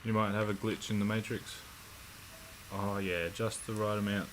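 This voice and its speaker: An Australian man chatting casually on a livestream, laid-back and quick to swear. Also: fairly low pitch, little pitch movement, fairly bright tone, a little hiss or hum. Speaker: livestream co-host.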